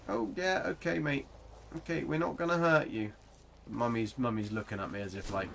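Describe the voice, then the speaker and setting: A man's voice: medium pitch, fairly quick, gravelly, a little hiss or hum. A British man giving chatty, rambling gameplay commentary on a livestream, swearing casually. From England. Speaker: gaming livestreamer.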